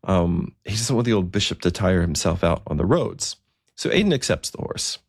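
A man telling a historical story in a relaxed, conversational way, with asides and fillers. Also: low-pitched, normal speed, gravelly, breathy edge, no room sound, clean studio sound.

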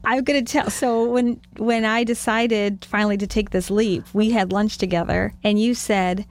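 A woman's voice: medium pitch, fairly even intonation, normal speed, few pauses. Enthusiastic woman co-host telling stories. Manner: affirming, enthusiastic, storytelling. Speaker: podcast co-host. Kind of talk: casual chat.

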